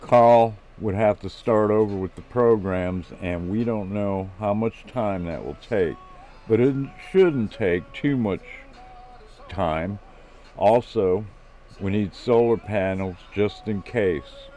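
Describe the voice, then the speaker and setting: A man's voice: lowish voice, takes it slowly, mellow, faint music behind. A man reading the lines of an eager adult male inventor friend who uses Aussie slang and explains technical plans at length. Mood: earnest.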